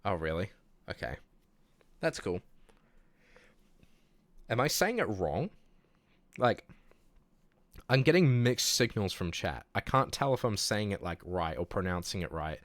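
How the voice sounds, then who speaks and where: A young man with a New Zealand accent and a low, deep voice, talking casually to his stream while reading chat aloud. He is relaxed and chatty, laughs easily and often trails off mid-sentence. The sound is dry and close on the mic. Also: measured pace, pauses often, no room sound.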